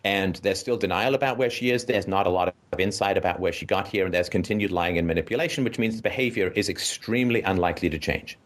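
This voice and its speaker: A man hosting a call-in show, giving blunt, forceful advice to a caller in an emphatic lecture full of profanity and vivid imagery, often checking in with "right?". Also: sits low, fast talker, few pauses.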